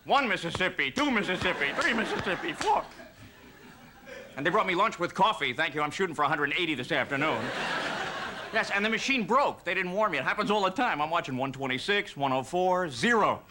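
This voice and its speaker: A stand-up comedian, a man, telling jokes on a TV stage in a dry, deadpan way that breaks into shrill yelps when he acts out scenes. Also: a little fast. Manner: deadpan delivery with sudden shrill outbursts when acting out scenes. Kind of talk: stand-up routine. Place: TV studio stage before a live audience. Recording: noisy TV studio audio.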